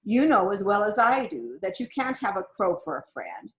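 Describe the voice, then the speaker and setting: A woman's voice: mid-range voice, big pitch swings, moderate pace, natural voice. A woman voicing a busy father who is skeptical and weary, in a storybook read-aloud. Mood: teasing. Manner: dry, weary, dismissive.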